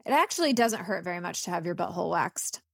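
A woman's voice: lowish voice, animated, fast talker, vocal fry, breathy edge, no echo, studio quality. A woman co-hosting a comedy podcast, frank and matter-of-fact with emphatic stories. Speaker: podcast co-host. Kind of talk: casual comedic chat.

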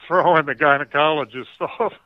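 A man's voice: on the high side, unhurried, dry recording. Auctioneer man over a phone-like line. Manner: anecdotal storyteller. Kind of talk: conversational podcast interview.

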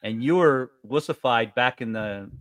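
A man's voice: unhurried, no room sound. A man in his forties from New York State, telling stories in casual chat. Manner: animated storyteller, jumps up in pitch.

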